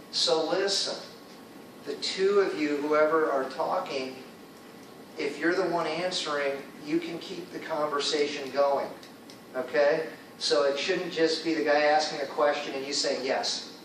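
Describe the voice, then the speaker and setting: A man's voice: fairly high pitch, a bit bright, far from the mic, slight background noise. Man teaching in an echoey classroom. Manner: explains patiently, checks in with students often. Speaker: ESL teacher.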